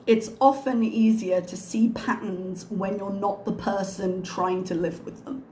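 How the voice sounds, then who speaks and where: A woman hosting a reaction video, talking calmly with pointed, sarcastic remarks. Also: medium pitch, a little slow, reverberant, a little hiss or hum. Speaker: reaction channel host. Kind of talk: soft-spoken reaction commentary.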